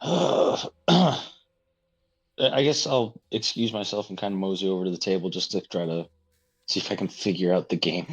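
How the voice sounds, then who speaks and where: Deep husky laid-back man. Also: fairly even intonation, fast. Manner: laid-back, casual slang. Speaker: tabletop game player. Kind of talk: casual in-character play.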